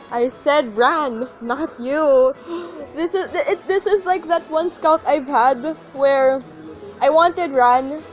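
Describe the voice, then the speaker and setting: A young woman with a high voice and an unhurried way of speaking, reacting to her game pulls. She pleads and shrieks at the screen when things go wrong. Faint game music plays under her. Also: animated. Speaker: mobile game player. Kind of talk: gacha pull reaction commentary.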